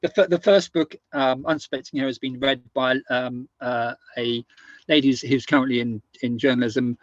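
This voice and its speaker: A middle-aged man from the United Kingdom, a podcast guest telling anecdotes in a halting way, often repeating and restarting words. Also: medium pitch, steady tone, dry recording, dull audio. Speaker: guest, author and former army officer. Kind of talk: casual conversational storytelling.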